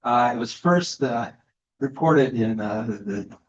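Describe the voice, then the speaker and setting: A man's voice: mid-range voice, a little slow. Guy giving a talk, lots of uhs and restarts, roomy hall sound, kinda dull audio. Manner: hesitant, many fillers and restarts. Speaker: guest speaker. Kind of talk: lecture. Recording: echoey room, slightly dull sound.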